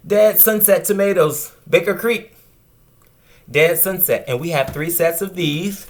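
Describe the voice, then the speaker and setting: Excited man showing his seedlings. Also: high voice, a little slow. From Virginia, USA. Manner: enthusiastic, chatty, keeps addressing viewers. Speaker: gardening channel host. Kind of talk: casual gardening vlog. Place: indoors at a table of seedlings under grow lights.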